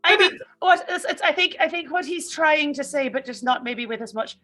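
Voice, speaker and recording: High-voiced giggly woman player. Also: animated, bright, forceful tone, soft background music. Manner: giggly, quick. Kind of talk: casual chat.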